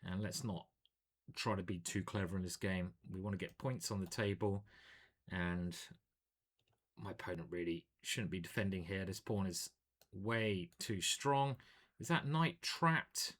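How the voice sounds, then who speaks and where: A man's voice: sits low, unhurried. A man, a chess grandmaster, commentating live on his own online games in a chatty, self-deprecating way, thinking aloud at a home computer.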